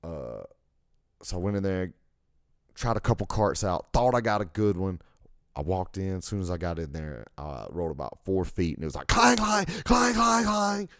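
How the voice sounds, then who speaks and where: A man's voice: sits low, lively intonation, moderate pace, a little mellow, clean tone, no room sound, studio quality. A young American man hosting a podcast alone, rambling and ranting with heavy profanity. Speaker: podcast host. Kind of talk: casual solo monologue.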